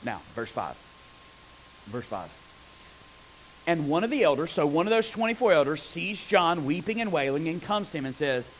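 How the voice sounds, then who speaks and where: A man preaching a conversational sermon on scripture, animated and often asking his listeners rhetorical questions. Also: on the high side, normal speed, pauses often, slight background noise, poor audio.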